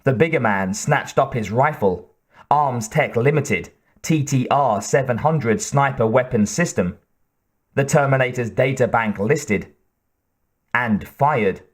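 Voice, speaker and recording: A man narrating an audiobook in a measured, even delivery. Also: mid-range voice. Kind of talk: scripted narration.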